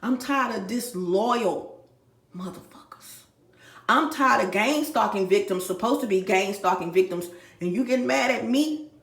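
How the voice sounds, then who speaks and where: A woman's voice: mid-range voice, a little slow, creaky. Heated, profane Texan woman in an echoey room. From Dallas, Texas. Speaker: YouTuber. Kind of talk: emotional vlog rant. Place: home room.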